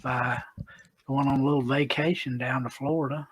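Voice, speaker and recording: A man talking casually as a guest on a livestream, relaxed and quick to laugh. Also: mid-range voice, breathy edge, poor audio. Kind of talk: casual chat.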